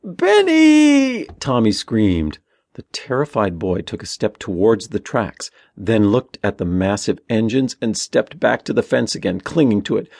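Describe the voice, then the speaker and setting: A man reading a young adult novel aloud in steady, measured narration. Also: fairly low pitch, gravelly, slightly rough, no room sound, studio quality. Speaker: audiobook narrator. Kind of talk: scripted narration.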